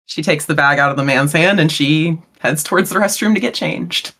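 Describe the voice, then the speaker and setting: A woman's voice: low voice, a bit bright, slight background noise. A woman running a tabletop horror game as game master, narrating the scene and laughing easily.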